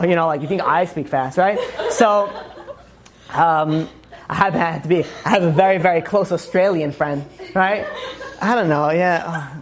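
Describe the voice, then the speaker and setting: A man's voice: fairly high pitch, moderate pace, noisy background. A man, a rabbi giving a casual, joking class. He rambles through asides and self-mocking humor and fills his talk with "you know" and "like".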